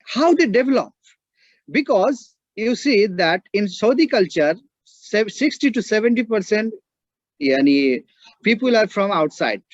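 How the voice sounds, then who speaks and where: Male lecturer, high-pitched. Keeps checking in with the class and repeats key points. Dry, muffled recording. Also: sing-song, a little slow, no echo. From India. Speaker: English teacher and linguist. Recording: dull, dry lo-fi audio.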